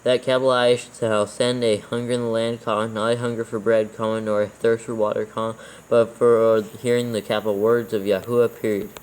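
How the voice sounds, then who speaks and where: A man's voice: fairly low pitch, fairly quick, hardly any pauses, clear, resonant tone, poor audio. A man reading scripture aloud in a casual proofreading session, calling out commas and capitals as he goes. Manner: reads verses aloud in a level, even tone, calling out punctuation.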